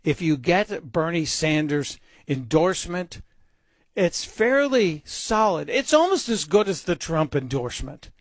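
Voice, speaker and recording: A man with a fairly high voice holds forth as a talk radio host, his commentary sarcastic and mocking. The recording is dry, close on the mic. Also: big pitch swings, a little slow, no echo. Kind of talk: opinion talk radio monologue.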